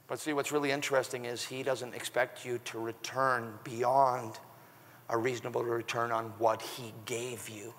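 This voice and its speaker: A male pastor preaching an animated sermon, acting out the scripture with raised shouts. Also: mid-range voice, moderate pace. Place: large church hall with long reverb. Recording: live sermon in reverberant church hall.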